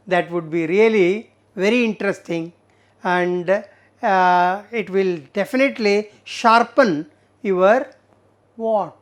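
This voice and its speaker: A woman with an Indian English accent teaching an English lesson, explaining slowly with many fillers and repeated words. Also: mid-range voice. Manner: slow, repetitive explaining with frequent fillers. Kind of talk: recorded classroom lesson.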